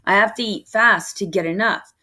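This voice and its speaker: A woman reading a children's novel aloud in steady first-person narration. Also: medium pitch, normal speed. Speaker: reader of a novel.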